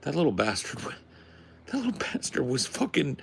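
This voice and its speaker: A male podcast host chatting casually, crude and joking, with an animated delivery. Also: mid-range voice, moderate pace, gravelly, a little hiss or hum.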